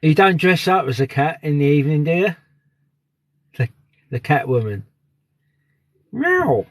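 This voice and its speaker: A man's voice: on the high side, moderate pace, dry recording. A man live streaming outdoors at dusk on a phone, chatting casually and greeting viewers by name. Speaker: live streamer on a sky watch.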